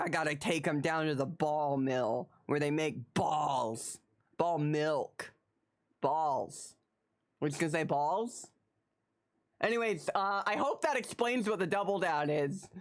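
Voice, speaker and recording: Woman streamer, young, low voice, slow, dry and self-mocking, repeats lines. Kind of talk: casual live-stream chat.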